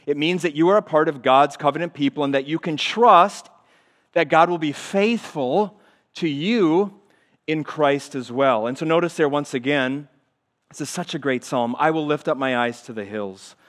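A man's voice: a little high, normal speed. Fervent man preaching a sermon. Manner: repetitive, builds to loud emphatic peaks. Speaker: pastor. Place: church sanctuary.

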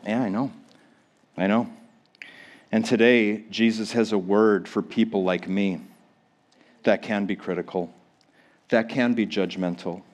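A man's voice: on the low side, a little mellow. Joking Minnesotan pastor in his forties. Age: 40s. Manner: joking, self-deprecating, chatty with many fillers. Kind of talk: casual sermon to a congregation.

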